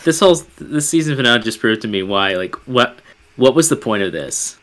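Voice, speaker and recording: A man with a bright, forceful voice trades wry, dry asides in casual podcast chat. He briefly acts out the scenes he is describing. His pitch sits in the middle range. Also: lively intonation, brisk. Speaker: podcast co-host.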